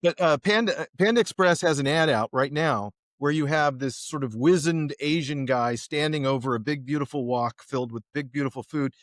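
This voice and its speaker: Animated man telling stories in dry sound. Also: fairly high pitch, normal speed, hardly any pauses, no room sound. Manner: animated storyteller who acts out examples. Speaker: podcast co-host. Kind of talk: casual conversation.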